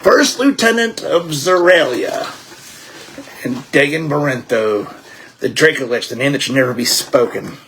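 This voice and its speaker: A man's voice: medium pitch, expressive, measured pace, slight background noise. A man voicing a frightened, rambling informant from a ruined mining folk in a tabletop game. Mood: grim. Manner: agitated, half-shouted, rambling.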